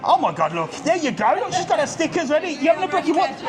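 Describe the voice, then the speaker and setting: A man's voice: very high voice, very animated, quick pace, over music, a crowd in the background. A British man livestreaming a travel vlog as he walks a resort strip, ranting bluntly and swearing casually while greeting people. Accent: British English. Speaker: travel vlogger. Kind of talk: live street walk-and-talk vlog. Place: outdoors on a busy resort strip. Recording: faint street noise behind the voice.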